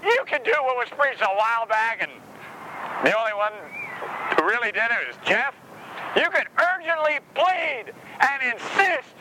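A man preaching a sermon in a joking, sarcastic way, full of rhetorical questions and animated swings in delivery. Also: very high voice, normal speed, slight background noise, low-quality recording. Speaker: pastor.

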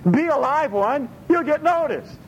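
A man preaching a sermon in an animated way, acting out voices from the Bible and laughing often. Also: very high voice, a little slow, lo-fi sound, a little hiss or hum. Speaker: pastor.

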